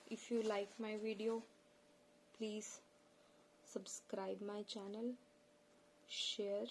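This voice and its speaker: Slow, earnest woman with a Punjabi accent. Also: mid-range voice, slight background noise, rough recording. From India. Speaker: channel host. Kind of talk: informal spoken lesson.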